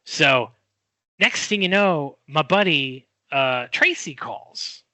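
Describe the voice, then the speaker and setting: A middle-aged man telling a story in a podcast chat, animated and quick to act out what people said. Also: on the high side, no room sound. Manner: animated storyteller, acts out quoted voices. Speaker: guest.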